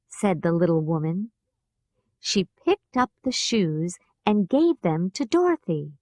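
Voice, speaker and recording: A woman with an American accent reading a graded storybook for language learners, clear and deliberate. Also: medium pitch, very animated, a little mellow, no echo. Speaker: reader. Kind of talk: slow scripted narration for language learners.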